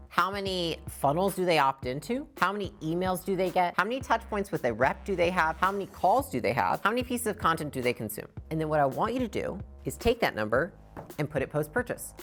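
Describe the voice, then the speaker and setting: Fast, lively, blunt woman with a low voice. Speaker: business educator. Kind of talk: direct business talk to camera.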